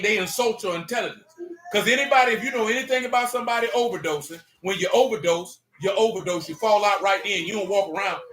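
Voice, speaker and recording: A man leading a loose, joking Bible study, talking in animated, teasing slang. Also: high voice, a little hiss or hum. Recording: echoey room.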